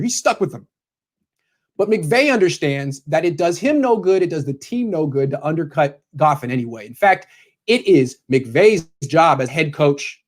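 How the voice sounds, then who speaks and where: A man who is a sports commentator, bluntly lecturing a coach as if in a meeting, confrontational and direct. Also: high-pitched.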